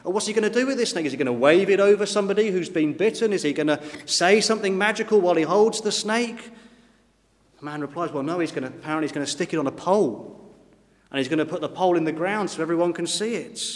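A man's voice: sits high, expressive, fast talker. A man preaching a sermon, retelling the story dramatically and voicing the doubts of the crowd. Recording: long reverb of a church hall.

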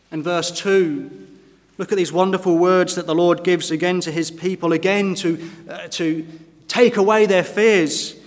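A man preaching a sermon in church, earnest and emphatic, building in force at key points. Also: high voice. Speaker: pastor. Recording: long reverb of a church hall.

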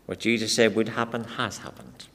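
A man's voice: on the low side, animated, normal speed, a bit bright. A man preaching an expository sermon, dramatic and full of rhetorical questions put to his listeners. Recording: long reverb of a large hall.

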